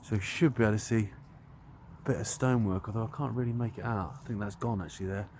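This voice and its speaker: Low-voiced male vlog host, curious and chatty, recorded outdoors on a camera with dull audio. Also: steady tone, quick pace, darkish tone, a little hiss or hum. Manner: curious, thinks aloud about old railway features. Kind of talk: casual walking commentary. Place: outdoors on a rural old railway trackbed.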